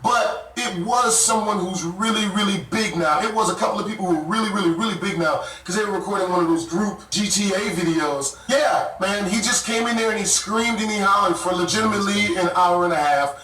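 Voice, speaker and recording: A man tells a story in an animated, profane rush, with a high voice. He sits back from the mic, so the sound carries the echo of the room. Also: fairly quick, hardly any pauses, slight background noise. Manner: animated, profane, laughs while telling. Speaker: YouTuber telling a story. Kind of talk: casual storytelling. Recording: echoey room, mic far off.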